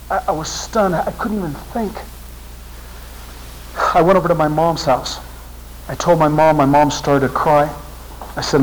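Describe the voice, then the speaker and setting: A middle-aged man tells a personal story to a church audience. His voice sits a little high and rises with emotion, with an earnest, heartfelt delivery. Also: animated, moderate pace, pauses often, a little hiss or hum, rough recording. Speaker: seminary teacher and speaker. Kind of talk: storytelling talk to a religious audience.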